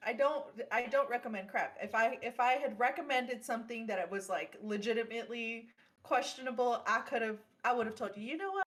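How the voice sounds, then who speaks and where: A woman's voice: on the high side, a little fast. A woman co-hosting a podcast in casual chat, teasing and confident. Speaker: podcast co-host.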